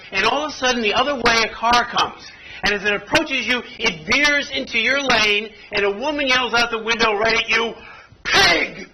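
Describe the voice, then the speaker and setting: High-voiced man running a playful workshop. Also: background noise. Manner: playful storyteller, jokes with the audience. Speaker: workshop presenter. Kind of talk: interactive training demonstration. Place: conference room with audience at tables.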